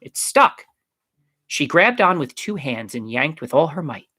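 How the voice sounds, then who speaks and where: A man reading a children's novel aloud with expressive storytelling. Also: a little high, moderate pace, dry recording, studio quality. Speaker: narrator. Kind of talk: audiobook reading.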